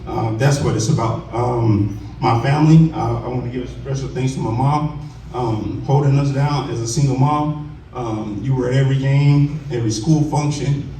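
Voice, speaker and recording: A man in his forties gives an unscripted acceptance speech in a school cafeteria, emotional and halting, circling back over his words. The sound is roomy and heard from some distance, with a faint hiss underneath. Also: medium pitch, mellow. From Commerce, Texas. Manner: heartfelt, halting, many restarts. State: emotional, voice choking up. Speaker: honoree giving an acceptance speech.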